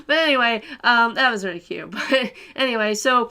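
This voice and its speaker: Young woman, bright and a bit high-pitched, chatty giggly fan reviewer. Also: sing-song, normal speed. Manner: giggly, rambling, many fillers and laughs. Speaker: anime reviewer. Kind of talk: casual spoiler review.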